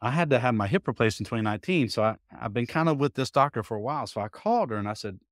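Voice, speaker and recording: In a casual interview, a guest in his fifties tells his story in a folksy way, acting out quoted dialogue and repeating words while he thinks. His medium-pitched voice is animated and very fast, captured as clean studio sound with no echo.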